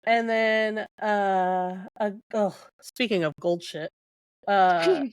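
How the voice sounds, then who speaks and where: A woman's voice: mid-range voice, sing-song, takes it slowly, smooth, dry recording. A young adult woman co-hosting a podcast, retelling book scenes casually with quoted dialogue and lots of fillers. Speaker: podcast co-host.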